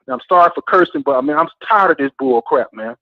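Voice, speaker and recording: A man's voice: fairly high pitch, animated, fast, dry recording. A man calling in to a talk show, ranting with frustration and passion and repeating "man" again and again. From Florida A&M alumnus. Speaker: caller. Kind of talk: heated call-in rant. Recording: tinny phone line.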